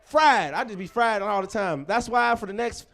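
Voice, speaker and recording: A man's voice: high voice, normal speed, a bit bright. A man hosting a comedy show, telling profane stand-up stories and bantering with the crowd.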